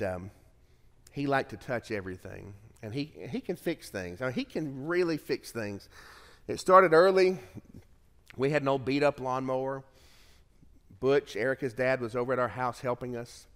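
A middle-aged man preaching a sermon as pastor, telling a family story in an earnest way and swelling louder on key phrases. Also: medium pitch. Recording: long hall reverb.

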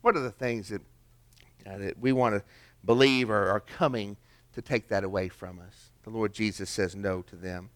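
A man's voice: lowish voice, fairly even intonation, moderate pace. An older man, preaching a sermon in a folksy storytelling way with rhetorical questions. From American South. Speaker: pastor.

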